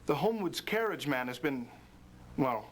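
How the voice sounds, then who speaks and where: An actor playing a worried young gentleman investigator in an FMV game, earnest and plain-spoken. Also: mid-range voice, big pitch swings, normal speed, slight background noise, natural voice. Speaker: player character.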